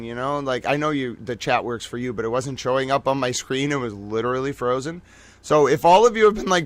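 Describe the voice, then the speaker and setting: A man hosting a late-night livestream, tired from a long day, talking in an excitable, rambling, profane way to his viewers. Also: mid-range voice, fairly quick, no echo. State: tired from being up all day. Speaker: livestream host.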